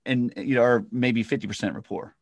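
A real estate agent talks in a loose, easygoing way, circling back through fillers and restarts as he makes his point. His voice sits at an ordinary middle pitch for a man. The recording is dry, with no room sound. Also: fairly even intonation, brisk, breathy edge, dry recording. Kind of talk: casual podcast chat.

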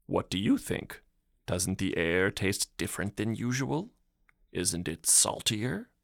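A man's voice: lowish voice, big pitch swings, takes it slowly, creaky, a bit bright, dry recording, studio quality, heavily acted. A man doing an insistent old village mayor. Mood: musing. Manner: emphatic, insistent.

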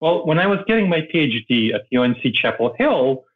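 A man's voice: medium pitch, very animated, fairly quick. A man from Moldova, explaining ideas as a guest in an interview, often adding "right?". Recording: phone-like line.

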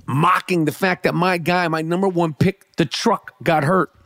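A man's voice: on the high side, fairly even intonation, normal speed, fairly bright tone, no room sound, clean studio sound. A man giving a brash, profane, hyped-up rant about the football weekend and his fantasy team. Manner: brash, swearing, hyped, repetitive. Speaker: sports commentator.

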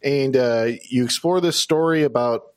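A man's voice: medium pitch, moderate pace. A man co-hosting a casual gaming podcast, joking around and swearing casually. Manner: jokey, laughs at own bits, swears casually. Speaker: podcast co-host. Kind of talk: casual chat.

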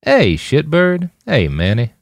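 Guy doing a cocky dude with a big put-on southern twang, swings high. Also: huge pitch swings, slow pace, vocal fry, no room sound, clean studio sound, full character voice. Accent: exaggerated Southern twang. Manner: cocky, swaggering. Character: brash drug-loving man with a drawl.

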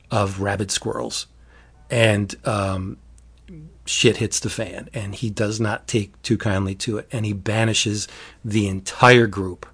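A man's voice: lowish voice, fairly bright tone, breathy edge. A man casually recapping a book's plot, rambling, restarting often and laughing. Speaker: book reviewer. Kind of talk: casual chat.

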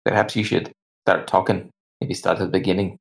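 A man plays a tabletop game, speaking bluntly and gruffly in character. His voice sits very low with a gravelly fry. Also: level tone, fairly quick. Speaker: player.

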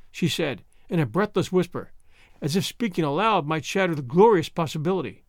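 Male audiobook narrator, high and animated, dry close mic. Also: brisk, dry recording. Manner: expressive storytelling. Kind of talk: scripted narration.

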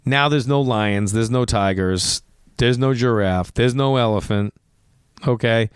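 A man's voice: medium pitch, measured pace, smooth, no room sound, clean studio sound. A man with a Boston accent, a comedian and podcast host, telling rambling, profane stories full of fillers in a garage. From Massachusetts. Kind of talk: casual storytelling.

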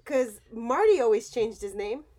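A woman's voice: fairly high pitch, animated, measured pace, warm tone. Dry, wisecracking woman co-host. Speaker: podcast co-host. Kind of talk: casual movie chat.

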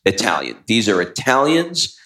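Animated man chatting about travel. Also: lowish voice, moderate pace. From United States. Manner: animated storyteller, acts out quotes. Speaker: co-host. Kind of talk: casual travel chat.

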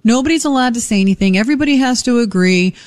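A woman's voice: a little high, animated, rapid-fire, a little mellow. A woman co-hosting talk radio, speaking emphatically and with exasperation in an opinionated chat.

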